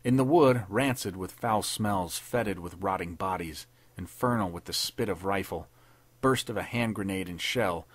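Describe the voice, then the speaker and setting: Low-voiced man reading pulp fiction. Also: dry recording. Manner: steady dramatic reading. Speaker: podcast narrator. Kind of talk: scripted narration of a pulp story.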